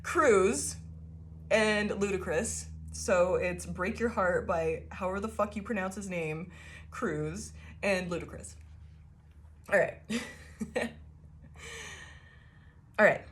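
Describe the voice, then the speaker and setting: A woman's voice: lowish voice, slow, long pauses, a little hiss or hum. A woman giving a casual tarot reading to her viewers, chatty and loose, laughing often mid-sentence and swearing now and then. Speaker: tarot reader.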